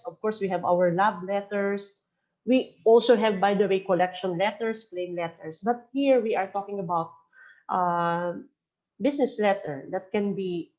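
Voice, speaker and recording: A woman's voice: mid-range voice, a little mellow. A woman from the Philippines leads a workplace training webinar, her mid-range voice coming through slightly dull audio. She explains etiquette step by step and keeps checking in with her listeners, slipping between English and local phrases. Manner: mixes English with local Bicol phrases, frequent "okay?" checks. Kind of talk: webinar lecture on phone and letter etiquette.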